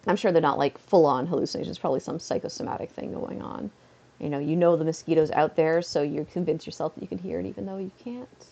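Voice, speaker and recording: Her voice sits low, warm and gravelly, and she talks fast. Lounging on a beanbag at home, this Canadian woman chats casually on a livestream, rambling and peppering her speech with "like." The sound is lo-fi with slight background noise.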